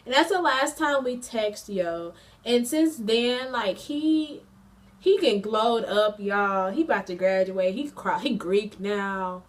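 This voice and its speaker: A woman's voice: mid-range voice, slow pace, distant mic. A young woman in her twenties, a college student, telling a casual storytime vlog with lots of fillers, slang and bursts of laughter. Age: 20s. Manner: chatty, slangy, frequent fillers; animated, laughs mid-story.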